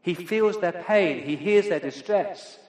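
A man's voice: sits high, measured pace, darkish tone. Man preaching in an echoey hall. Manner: earnest, emphatic preaching with repeated phrases. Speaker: pastor. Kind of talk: sermon. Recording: echoey church hall with long reverb.

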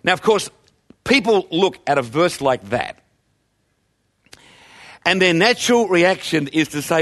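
A man delivers a sermon in a relaxed, talky way, as if chatting with the congregation. He asks rhetorical questions as he goes, and his voice sits a little higher than most men's. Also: a little slow, long pauses. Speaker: pastor.

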